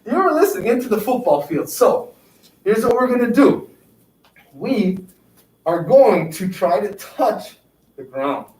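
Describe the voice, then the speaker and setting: A yoga instructor leads a class, counting reps in a slow, unhurried way and cheering the group on. The pitch swings widely. It is recorded from a distance in an echoey room, with faint noise behind. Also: very animated, a little mellow. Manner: counting out reps, upbeat encouragement. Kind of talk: guided exercise class.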